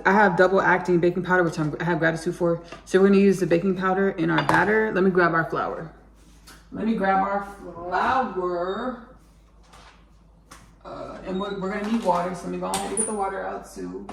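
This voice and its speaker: Casual home-cooking host: woman, gravelly fry, chatty and rambling, recorded on a counter camera in an echoey kitchen. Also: fairly low pitch, fairly quick, few pauses, distant mic, background noise. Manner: chatty and rambling, often says "y'all" to viewers. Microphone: camera set up on the counter. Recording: echoey kitchen, faint clicks.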